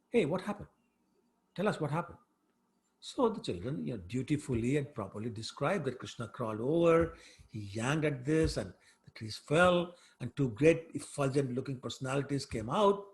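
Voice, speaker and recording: A male scripture teacher who tells a sacred story in an animated, chatty way. His pitch moves around a lot, and he often pauses on fillers between phrases.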